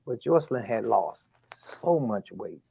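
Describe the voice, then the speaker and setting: A man's voice: lowish voice, a little slow, vocal fry, slightly rough, dry recording, muffled recording. A man telling a personal story as a father, acting out the conversations and rising sharply in disbelief. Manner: animated retelling that acts out dialogue, voice rising sharply in disbelief. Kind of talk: emotional storytelling interview.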